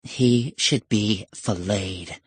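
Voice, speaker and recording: A male reader playing a petulant, spiteful young woman in an audiobook, whining in a high, breathy voice. The sound is airy and strained, far from his plain voice. It is recorded close and dry. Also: very animated, extremely slow, dark tone, no echo, exaggerated voice. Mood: whiny. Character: spiteful young woman, monster posing as coed.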